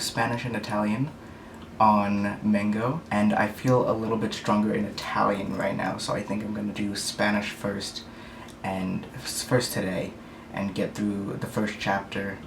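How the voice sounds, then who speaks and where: A man's voice: fairly low pitch, roomy sound, background noise. A man vlogging about learning languages, speaking carefully and a bit overpronounced while his mouth is sore after dental surgery. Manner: careful, slightly overpronounced speech. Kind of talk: casual talk to camera.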